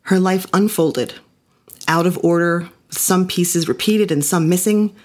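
Low, husky woman telling a story. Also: unhurried, a little mellow. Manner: intimate, reflective. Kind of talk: first-person storytelling performance.

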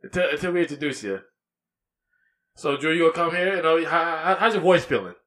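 A man's voice: a little high, animated, quick pace, a bit bright. A man hosting a podcast in casual chat, laid-back and teasing, talking into a studio mic. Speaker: podcast host.

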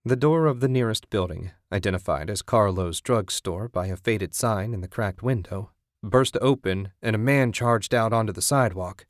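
A man narrating a story in a steady, even audiobook style. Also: lowish voice, moderate pace, no echo, studio quality.

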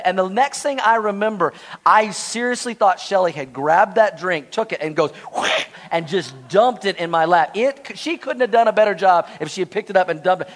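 A male pastor preaches with a bright, high-pitched voice, rushing through a comic personal story. He jokes with the congregation, then slows down to drive home his point. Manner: storytelling, animated and joking. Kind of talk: sermon.

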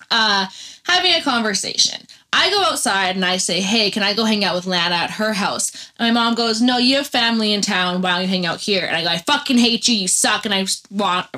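A young woman casually telling a personal story, animated and swearing freely. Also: fairly high pitch. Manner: animated, heavy swearing, laughs mid-story.

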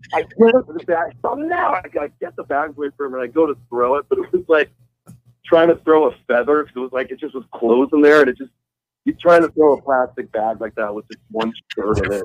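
The muffled phone line carries a guitarist's mid-range voice as he calls in as a guest. The recording is dry, and he tells his story in a casual, rambling way, laughing along and swearing freely.

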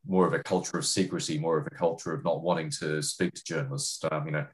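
A man with an Australian accent and a deep, low-pitched voice answers questions in an interview. He speaks haltingly, stopping to restart his sentences and fill pauses with ums and uhs. He sounds middle-aged, a journalist talking about his reporting. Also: little pitch movement. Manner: hesitant, many fillers and restarts. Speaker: journalist and foreign correspondent.

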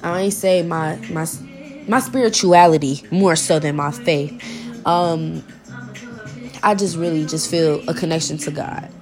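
A woman's voice: deep voice, steady tone, unhurried, music in the background. A young woman, talking to her viewers in a personal vlog, heartfelt and informal, often repeating herself as she searches for words, close to tears at times.

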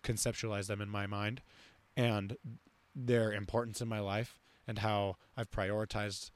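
A man's voice: lowish voice, level tone, unhurried, dry recording. A young man hosting a podcast, talking casually and rambling with lots of fillers and restarts. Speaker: podcast host. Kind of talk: casual conversation.

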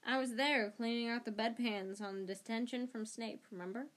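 An excitable teenage boy wizard, as a woman reader puts him on, quick-tempered and eager. The voice sits somewhat high and pushes forward with a raised, hurried energy. It comes from an amateur audiobook reading. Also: lightly acted.

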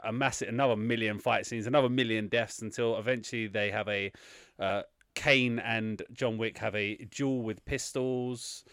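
A man's voice: on the low side, fairly bright tone, no echo, clean studio sound. A man hosting a casual film podcast, teasing his friends and rambling through a plot summary. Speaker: podcast host.

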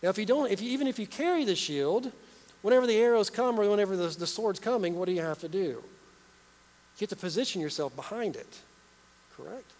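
A man with a high voice preaches a sermon in earnest. He asks his listeners questions and keeps repeating key phrases. His voice trails into a long hall reverb. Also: animated, a little fast, a little mellow.

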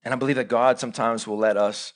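Impassioned preacher, loud bursts and hushed asides. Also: male voice, mid-range voice, steady tone, fast. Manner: impassioned, swings between loud urgent bursts and quiet intimate asides; preaches with direct questions to the congregation. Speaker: pastor. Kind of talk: live sermon.

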